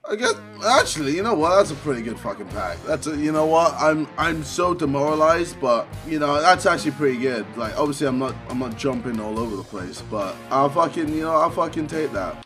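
A man playing video games and commenting on them, shouting and swearing, swinging from yelling to low muttering. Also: animated, moderate pace, hardly any pauses, music in the background. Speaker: gamer commenting on his own play. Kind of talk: loud gaming rage commentary.

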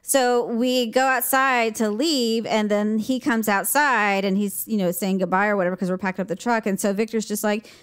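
A woman's voice: medium pitch, normal speed, hardly any pauses, clear, resonant tone. A woman co-hosting a podcast, telling a story in casual chat and acting out the quotes with lots of laughter. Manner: animated storyteller, acts out quotes, laughs often. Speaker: podcast co-host.

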